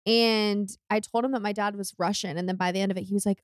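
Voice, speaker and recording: A woman's voice: mid-range voice, steady tone, quick pace, few pauses, dry recording, studio quality. A woman in her twenties from California, a podcast guest telling stories in a chatty way, laughing as she goes. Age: 20s. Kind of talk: casual chat.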